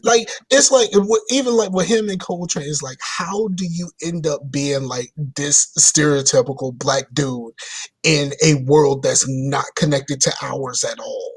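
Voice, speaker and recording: A man's voice: on the high side, measured pace, slightly rough. A man co-hosting a casual podcast, talking about video games in a rambling way with many restarts. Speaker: podcast co-host. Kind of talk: casual gaming chat.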